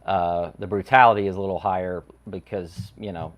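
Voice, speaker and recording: Low-voiced man chatting about his comic. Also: steady tone, brisk, background noise. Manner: rambling, laughs easily. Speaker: comic creator guest. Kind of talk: casual chat.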